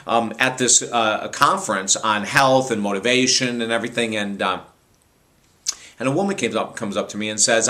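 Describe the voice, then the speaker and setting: A man who hosts a radio talk show, telling a personal story in an animated, rambling way with frequent restarts. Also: on the low side, normal speed.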